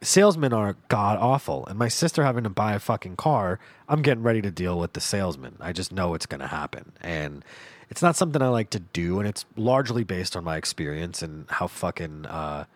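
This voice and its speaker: Male podcast host, comedic storytelling, profane, lively pitch, dry close mic. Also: brisk, no room sound. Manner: animated, profane, laughs through his story.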